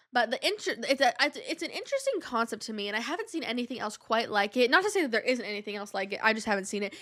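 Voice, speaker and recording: A woman with a fairly high voice and a stuffy nose hosts her own podcast. She talks in loose, casual chat, drifting off topic and leaning on "like" constantly. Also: fairly bright tone. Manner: rambling, digressive, heavy use of "like". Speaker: podcast host.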